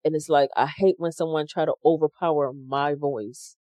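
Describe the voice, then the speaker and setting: A soft-spoken woman co-hosting a podcast, calmly defending herself in an argument. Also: deep voice, moderate pace, dry recording. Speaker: podcast co-host. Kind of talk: casual argumentative chat.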